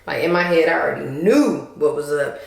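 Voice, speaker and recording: A young woman telling a storytime to camera in an animated, sassy way, talking straight to her viewers. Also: deep voice, a little fast, creaky. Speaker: vlogger. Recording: echoey room.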